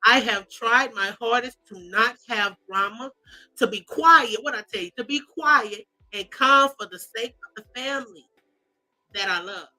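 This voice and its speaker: Reading celebrity posts out loud, a woman with a bright, high voice hosts a commentary segment full of sassy reactions. She slips into pretend crying and drawled side comments, with faint music playing under a low-quality recording.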